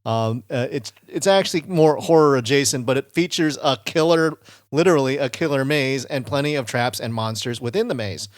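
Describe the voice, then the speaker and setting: A podcast host chats casually in a mid-range male voice at a fairly quick pace. He rambles, using plenty of fillers and restarting often. The recording is clean studio audio with no room sound.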